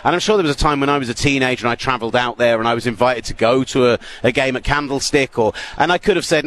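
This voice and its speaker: Man, British accent, 30s, casual chat, animated stories. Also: mid-range voice, fast talker, few pauses, a little hiss or hum. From United Kingdom. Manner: chatty, animated storytelling with laughs. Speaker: radio broadcaster guest.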